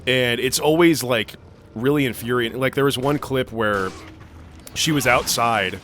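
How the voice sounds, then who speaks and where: A man's voice: medium pitch, unhurried, fairly bright tone, a little hiss or hum. Rambling young man telling a story mid-game. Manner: rambling, filler-heavy, swears while playing. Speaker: gaming channel co-host. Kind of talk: casual let's-play storytelling.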